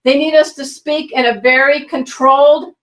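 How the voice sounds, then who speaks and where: High-voiced, lively pet first aid teacher woman. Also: normal speed, far from the mic. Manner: energetic, vivid, instructive, folksy. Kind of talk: guest expert in an online interview. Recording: roomy, a bit off-mic.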